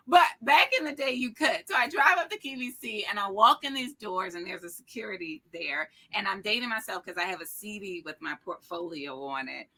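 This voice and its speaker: A woman's voice: mid-range voice, lively intonation, brisk, vocal fry, few pauses, sharp tone, slightly rough. A middle-aged woman speaking as a motivational speaker, telling a personal story with energy and expression, acting out the dialogue.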